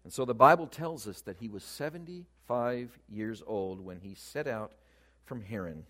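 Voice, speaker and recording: A man preaching a sermon, speaking with animated emphasis that rises and falls in loudness. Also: fairly low pitch, normal speed.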